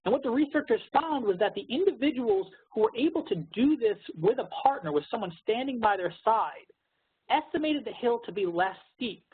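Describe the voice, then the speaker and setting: A man with a strongly husky, breathy voice explains research findings step by step as a webinar co-presenter. His voice comes through a narrow, phone-like band, as on a video call. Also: very high voice, expressive, brisk. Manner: explanatory, lecturing.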